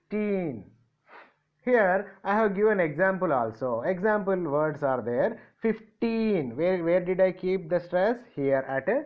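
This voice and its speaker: A man from India teaching a grammar lesson, spelling out letters and asking and answering his own questions. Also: high-pitched. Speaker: English teacher. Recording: tinny phone-like audio.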